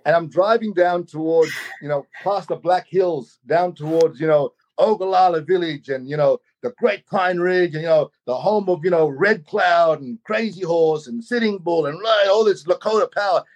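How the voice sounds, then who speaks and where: A man telling a personal story in an animated way, often saying "you know". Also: fairly high pitch, moderate pace, few pauses. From Australia. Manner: animated, acts out quoted voices, many "you know"s.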